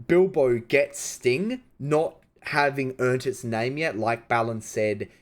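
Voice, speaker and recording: A young man reacting to films in casual commentary, excitable, swearing and laughing. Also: medium pitch, slow. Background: film music playing.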